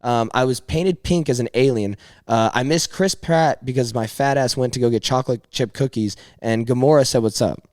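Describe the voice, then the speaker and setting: A podcast guest rambles through stories in casual chat, animated and constantly saying "dude" and "bro." His mid-range voice moves at normal speed with few pauses, captured as clean studio sound with no room noise.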